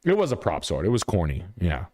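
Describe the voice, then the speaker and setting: A man's voice: low-pitched, wildly swooping pitch, fairly quick, darkish tone, no echo, studio quality. A man hosting a live stream, telling a story casually with lots of swearing and acting out both sides of an argument. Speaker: realtor and stream host.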